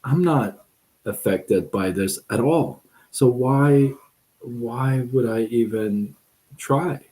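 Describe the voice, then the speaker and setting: A man's voice: medium pitch, slow, mellow, natural voice. A man voicing a farm sheep who answers with puzzled dismissal. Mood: dismissive.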